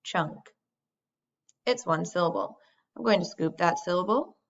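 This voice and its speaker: Woman teacher, lowish voice, carefully models sounds for kids, muffled lo-fi recording. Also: creaky. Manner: slow, deliberate, modeling sounds for young children. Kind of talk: recorded phonics lesson. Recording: dull lo-fi sound.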